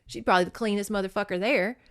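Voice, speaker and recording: A woman's voice: mid-range voice, fairly even intonation, rapid-fire. A young woman podcast host recapping a novel in a casual, chatty way, swearing often and acting out the characters.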